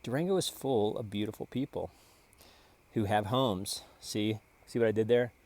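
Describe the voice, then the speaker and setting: Man, lowish voice, casual vlog, boastful, rambling, exclamatory, self-promoting photographer. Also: normal speed, a little mellow. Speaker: photographer showing his prints.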